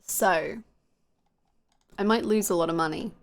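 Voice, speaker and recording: A woman's voice: medium pitch, unhurried. A woman streaming a game live, chatting casually, self-mocking and answering her chat aloud.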